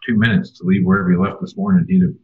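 A man on a podcast panel tells a story in a laid-back, matter-of-fact way. His voice is very low and husky. The remote audio sounds dull and lo-fi. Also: steady tone, very fast. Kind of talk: casual podcast chat.

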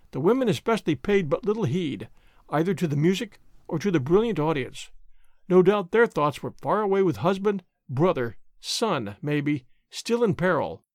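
Male audiobook narrator, high voice, animated reading, dry close mic. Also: dry recording. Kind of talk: scripted narration of a classic novel.

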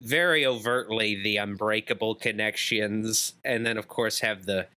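A man's voice: on the low side, normal speed, bright, forceful tone. A man chatting casually about a movie on a podcast, rambling and hedging with many fillers. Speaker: podcast co-host.

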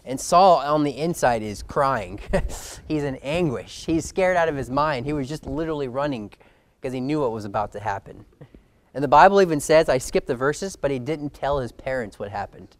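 A man's voice: medium pitch, animated, normal speed, no echo. Male preacher, chatty delivery, dry close sound. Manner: conversational preaching, acts out quoted voices, chuckles often. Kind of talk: sermon.

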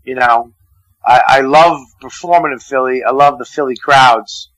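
Bright, profane comedian telling a story. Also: male voice, mid-range voice, normal speed, no room sound, poor audio. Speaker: comedian guest. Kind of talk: casual radio chat and storytelling. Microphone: phone call-in.

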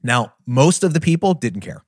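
A middle-aged man hosting a podcast, candidly retelling a personal story in an earnest, animated way. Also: medium pitch, moderate pace, dry recording, clean studio sound. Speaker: podcast host and business trainer.

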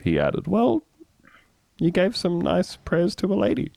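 A man co-hosting a comedic podcast, reading a news story aloud and laughing often between low, dry asides. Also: wildly swooping pitch, measured pace, vocal fry, mellow, dry recording. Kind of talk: casual comedic chat.

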